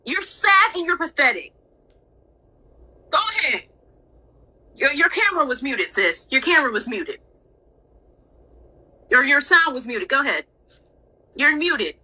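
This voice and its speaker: Scolding woman with a bright, high voice. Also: very animated, unhurried, long pauses, poor audio. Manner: scolding, relentless, cutting. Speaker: livestream participant. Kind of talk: heated livestream argument.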